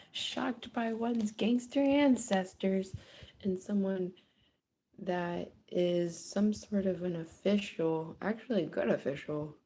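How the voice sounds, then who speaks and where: A woman giving a casual psychic reading aloud, talking loosely and swearing, moving between hushed murmurs and excited bursts. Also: medium pitch, a little hiss or hum. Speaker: psychic reader. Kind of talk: casual spoken card reading.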